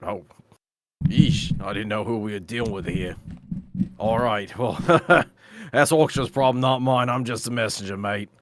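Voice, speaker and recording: A man playing a smooth-talking male con artist posing as an official, breezy and overly polite. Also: fairly low pitch, a little slow, slight background noise, lightly acted. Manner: breezy and overly polite, keeps saying "mate".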